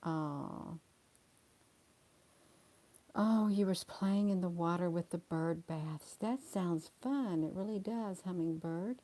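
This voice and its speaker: A middle-aged woman chatting slowly and soothingly with livestream viewers, calling them honey. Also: fairly low pitch, mellow. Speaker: livestream host reading viewer comments. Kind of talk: slow casual chat to live viewers.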